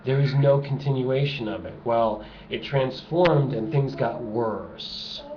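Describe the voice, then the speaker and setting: A man's voice: mid-range voice, slow pace, a crowd in the background. A man delivering a sarcastic, emphatic ranting monologue to camera, repeating his points for effect. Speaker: video blogger. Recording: dull lo-fi home recording with noise.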